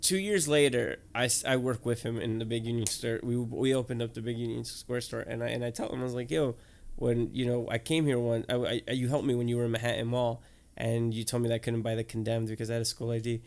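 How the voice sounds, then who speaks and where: A man, a podcast co-host telling stories in casual, swearing, animated chat. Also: mid-range voice, quick pace.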